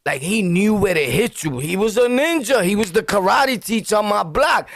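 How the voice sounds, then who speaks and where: A man's voice: sits high, animated, moderate pace, fairly bright tone, dry recording, studio quality. A middle-aged man from Brooklyn with a New York accent, telling street stories to the camera in slang, acting out scenes with yelps and sound effects. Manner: slangy, laughing, talks straight to viewers. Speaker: storytelling vlogger. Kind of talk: animated street storytelling.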